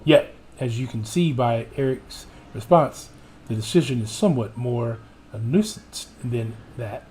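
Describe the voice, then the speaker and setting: A man's voice: mid-range voice, lively intonation, measured pace, darkish tone, a little hiss or hum. A man streaming a video game who reads the cutscene dialogue aloud in a theatrical way and jokes with his chat between lines. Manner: theatrical reading, playful asides to chat. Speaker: gaming streamer.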